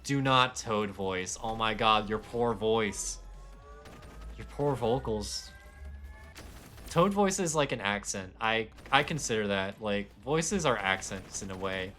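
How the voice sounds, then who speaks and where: A gaming streamer chats casually while playing live, rambling and poking fun at himself. His voice is on the low side and a bit bright, slow but with lively intonation, and faint music plays behind him.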